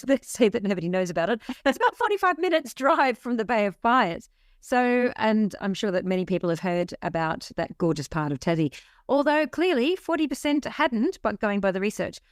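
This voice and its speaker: A woman co-hosts a travel podcast with lively enthusiasm. She talks in a mid-range voice, sharing her own memories. The recording is close and dry. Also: medium pitch, no room sound. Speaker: podcast co-host. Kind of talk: casual chat.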